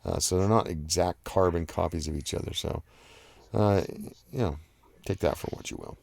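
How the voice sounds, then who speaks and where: Deep-voiced man reading live chat. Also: normal speed, gravelly, darkish tone. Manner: rambling, many fillers and restarts. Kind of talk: casual live-stream chat.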